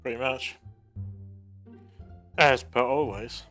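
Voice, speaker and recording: A man's voice: mid-range voice, slow pace, soft background music. A man hosting his gaming channel, bantering casually and yelping and laughing a lot over the gameplay. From United Kingdom. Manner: excitable, yelps and laughs a lot.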